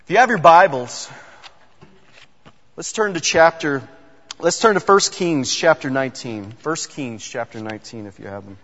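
A man's voice: fairly high pitch, lively intonation, normal speed, fairly bright tone. A man preaching a sermon, reading scripture aloud and then retelling it in casual, everyday speech. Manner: reads scripture then paraphrases in casual voices. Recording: long hall reverb, dull lo-fi sound.

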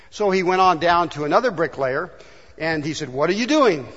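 A high-pitched man preaches a sermon in an earnest, storytelling manner, putting on voices for the people in his stories. His voice carries a long reverb from the hall, and the recording sounds dull. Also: brisk, fairly bright tone. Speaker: pastor. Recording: dull echoey church hall.

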